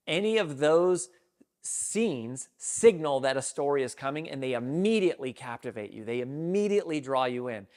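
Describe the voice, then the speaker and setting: Middle-aged guy coaching public speaking, punchy and emphatic, mid-pitched voice. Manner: energetic, emphatic, acts out sample openings. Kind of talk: instructional talk to camera.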